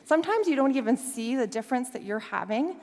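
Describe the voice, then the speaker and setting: A woman guest speaker telling a lively story, laughing often and acting out the voices of the people in it. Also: high-pitched, quick pace. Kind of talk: storytelling talk. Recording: long hall reverb.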